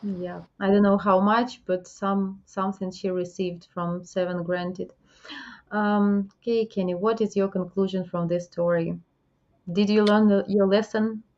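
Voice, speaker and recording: A woman hosting an interview, speaking halting with many fillers as she gives advice. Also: medium pitch, flat delivery, darkish tone, highs cut off. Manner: halting non-native English, frequent fillers, advising. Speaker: host. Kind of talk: interview about dating scams.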